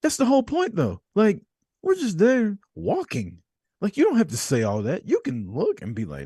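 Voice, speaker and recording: A man hosting a podcast, telling stories in a casual, profane, animated way. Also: high-pitched, normal speed, breathy edge, no room sound, studio quality. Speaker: podcast host. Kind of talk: casual chat.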